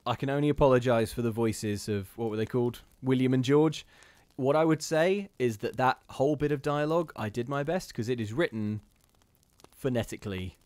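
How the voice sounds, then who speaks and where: A man's voice: medium pitch, a little mellow, no room sound. A man hosting a live ghost story reading, chatting casually with his viewers between passages in a self-deprecating way.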